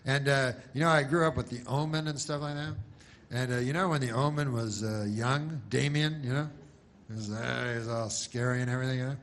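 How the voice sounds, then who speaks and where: A man doing stand-up comedy, deadpan and rambling, with many asides and restarts. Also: mid-range voice, a little fast, slight background noise.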